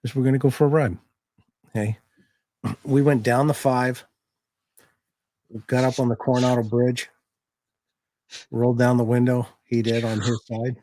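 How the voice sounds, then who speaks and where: A man's voice: medium pitch, moderate pace, long pauses, no room sound, clean studio sound. A man in his sixties, a guest in casual chat, telling stories in a folksy, fatherly way. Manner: folksy, steady storyteller, fatherly.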